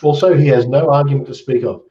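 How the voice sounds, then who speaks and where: A man with an Australian accent hosting a casual chat, joking and quick with asides. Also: medium pitch, fairly even intonation, warm tone, roomy sound, muffled recording, a little hiss or hum. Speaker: host.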